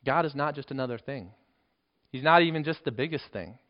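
A man preaching a sermon with earnest emphasis, dropping to a hushed voice for key points. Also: mid-range voice, a little fast. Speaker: pastor. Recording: dull lo-fi sermon recording.

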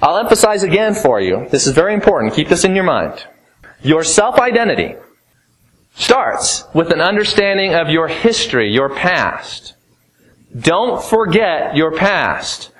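Male preacher, lighter high voice, fervent sermon delivery that drops low and grave for emphasis. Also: big pitch swings, unhurried, a bit bright, poor audio. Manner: emphatic, swings between rising fervor and low grave tones.

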